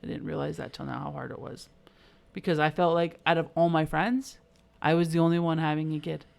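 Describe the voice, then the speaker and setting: A woman's voice: deep voice, steady tone, brisk, creaky, a little mellow. A middle-aged woman co-hosting a podcast, telling candid stories in casual chat, peppered with "like" and the odd swear word. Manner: candid storytelling, frequent "like", occasional swearing. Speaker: podcast co-host.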